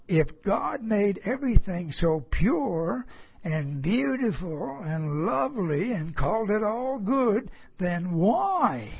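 A man delivers a sermon in a high, husky voice, taking his time over each phrase. He asks his listeners rhetorical questions and chuckles at himself. The recording is dull and lo-fi. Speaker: preacher.

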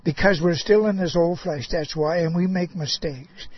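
Male preacher, folksy sermon voice, slow drawl with chuckles, husky, dry close sound. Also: fairly high pitch, no room sound, dull audio. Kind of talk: folksy sermon addressed to an apostle.

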